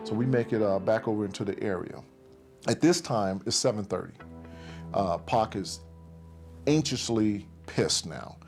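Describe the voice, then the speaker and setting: A man's voice: fairly low pitch, measured pace, darkish tone. A man casually recounting a night's events, switching to others' voices as he quotes them. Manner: recounts events in present tense, voicing others' lines. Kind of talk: casual storytelling. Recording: clear music bed under voice.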